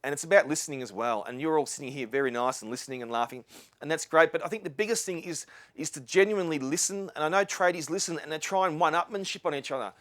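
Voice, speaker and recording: A man's voice: on the high side, quick pace, fairly bright tone, no room sound. Earnest Australian tradesman giving a talk. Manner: earnest, rambling with restarts and asides. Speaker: speaker. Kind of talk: live talk to an audience. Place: lecture venue with live audience.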